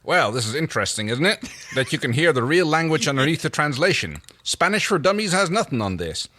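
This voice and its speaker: A man's voice: on the high side, big pitch swings, a little fast, pushed and bright, no echo, voice pushed up, heavily acted. A man voicing a wry, wisecracking human astronaut as he reads a story aloud.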